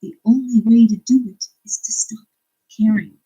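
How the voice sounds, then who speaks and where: Woman reading out a gentle older guy giving earnest advice, husky breathy voice. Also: fairly high pitch, fairly even intonation, normal speed, rough recording. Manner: read aloud, earnest, plain reading voice.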